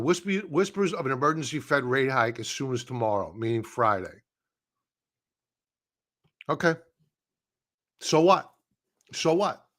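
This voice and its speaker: The trading stream host's voice sits on the high side, pushed and bright. Speaking casually and bluntly in live market commentary, he scoffs at headlines and keeps repeating his points.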